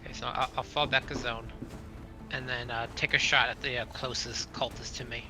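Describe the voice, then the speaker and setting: A man's voice: mid-range voice, flat delivery, a little fast, over music. A man playing a tabletop role-playing game, hesitant and unsure of the rules. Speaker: player. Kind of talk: casual tabletop game chat.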